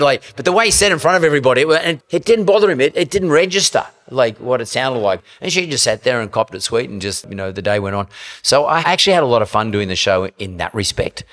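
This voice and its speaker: A man's voice: fairly low pitch, a bit bright. A middle-aged Australian man, a podcast guest, telling blunt, swear-laden anecdotes in casual chat.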